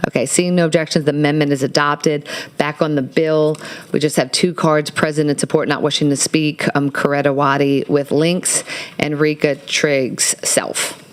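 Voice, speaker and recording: A woman runs a legislative committee hearing from the chair. Her talk is halting and procedural, full of "um" and restarts as she walks members through motions. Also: deep voice, little pitch movement. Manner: halting, with many fillers and restarts.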